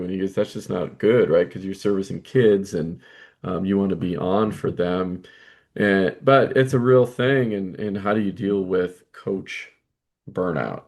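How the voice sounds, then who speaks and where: A man's voice: deep voice, gravelly, darkish tone. A man co-hosting a coaching podcast, chatting casually with frequent "you know" and "right" fillers.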